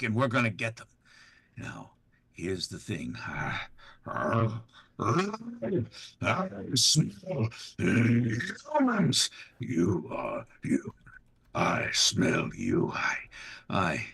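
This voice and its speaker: A man voicing a deranged male raider who believes he is a mutant, growling about blood, with a gravelly voice. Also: on the low side, huge pitch swings, slow, fairly bright tone, heavily acted. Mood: menacing, feral. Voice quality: gravelly, menacing. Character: mad male raider who thinks he's a super mutant.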